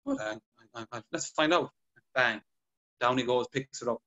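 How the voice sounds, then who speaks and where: A man chatting on a podcast, telling patient stories with lively acted-out dialogue. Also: mid-range voice, moderate pace, long pauses. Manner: animated storytelling, acts out patient dialogue. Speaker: podcast guest clinician. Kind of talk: casual podcast chat.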